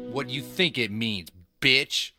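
A man's voice: mid-range voice, takes it slowly, lightly acted. A man voicing a menacing cartoon rapper who rap-sings profane threats to make people vote. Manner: profane, threatening, sing-song. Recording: clip with loud hip hop music behind.

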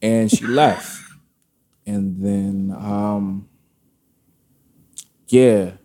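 A man casually telling a personal story, candid and animated, acting out the dialogue. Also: lowish voice, extremely slow. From Brooklyn, New York family roots.

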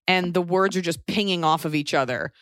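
A woman's voice: lowish voice, fairly quick, fairly bright tone, dry recording, studio quality. A woman in her thirties telling a personal story in a casual, wry way, acting out other people's voices as she goes.

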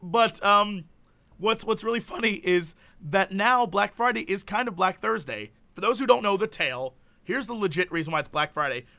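A young man in casual comedic chat with a friend, animated and jokey, rambling with restarts. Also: sits high, moderate pace. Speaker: co-host.

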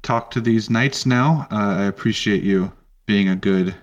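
A man voicing a calm, polite hobgoblin. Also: on the low side, unhurried, muffled recording, close to an everyday voice. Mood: calmly dismissive. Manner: calm, polite, quietly dismissive. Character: calm, smooth-talking male hobgoblin official.

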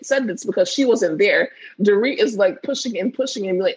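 A woman co-hosting a podcast in casual chat, blunt and animated, swearing freely. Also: fairly high pitch, normal speed, few pauses, breathy edge, dry recording, rough recording. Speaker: podcast co-host.

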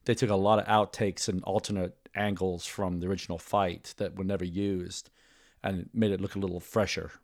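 A man's voice: low voice, level tone, brisk. A man hosting a podcast, chatting casually and enthusiastically, rambling with many restarts. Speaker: podcast host. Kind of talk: casual chat.

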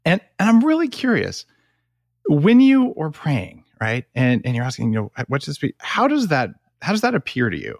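A male podcast host whose pitch moves a lot as he reacts. He sounds casual and affirming while he asks curious follow-ups. His voice is dry and close, with no room sound. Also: huge pitch swings, normal speed, vocal fry, darkish tone, no room sound. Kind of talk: conversational podcast interview.

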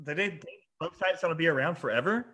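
A man co-hosting a casual podcast, reacting with quick jokes, frequent laughs and swearing. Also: a little high, sharp tone. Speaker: podcast co-host.

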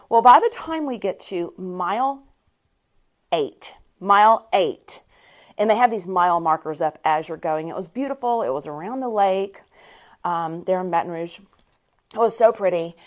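A woman hosting a podcast, telling a story in a chatty, animated way. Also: mid-range voice. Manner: chatty and animated, with frequent laughs. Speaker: podcast host. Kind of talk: casual storytelling monologue.

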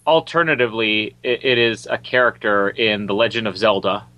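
A man in a casual film review chat, animated and laughing often. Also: normal speed, dry recording. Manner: animated, laughs often, quotes lines in a higher voice. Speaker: podcast co-host.

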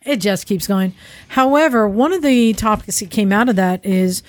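A woman co-host of a motorcycle podcast, recorded close in a garage studio with a dry, roomless sound. Her voice sits in an ordinary middle pitch. She talks in loose, rambling runs and keeps circling back to the same phrases. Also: normal speed, no room sound. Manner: rambling storytelling with repeated phrases. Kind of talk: casual motorcycle podcast chat.

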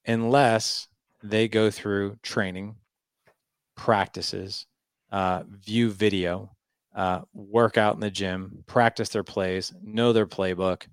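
Brief: man, 40s, very low gravelly voice, dry close sound, animated storyteller. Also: no room sound. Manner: animated, acts out quoted dialogue. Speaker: podcast guest. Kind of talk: casual storytelling.

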